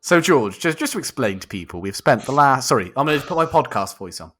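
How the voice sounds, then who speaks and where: A young man with a mid-range voice and lively intonation talks quickly over a noisy background. He co-hosts a casual podcast via video call, joking, bantering, and laughing often.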